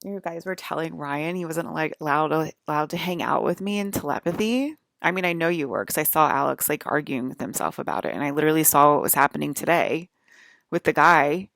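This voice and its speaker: A woman's voice: deep voice, fairly quick, vocal fry, a bit bright, dry recording. A woman rambling in an agitated monologue to her viewers, full of "like" fillers and swearing. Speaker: vlogger.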